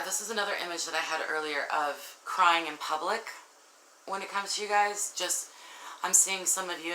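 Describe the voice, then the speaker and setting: This tarot reader has a deep voice and speaks straight to her viewers, earnest, warm-hearted and emotional, sometimes close to tears. The recording is rough, with an echoey room and a little hiss or hum.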